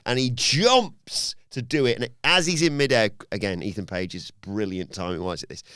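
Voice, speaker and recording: A man's voice: fairly low pitch, moderate pace, hardly any pauses, smooth, no room sound, clean studio sound. A man hosting a podcast, recapping a wrestling show in casual chat and acting out the wrestlers' lines as he tells it. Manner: animated storytelling with acted-out quotes. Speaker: podcast host.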